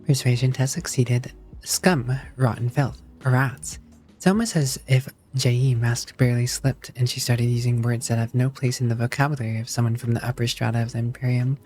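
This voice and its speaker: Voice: mid-range voice, fairly even intonation, normal speed, darkish tone, faint music behind. A streamer with a US Southern accent, chatting casually and reading game dialogue aloud, easygoing and chuckling between remarks.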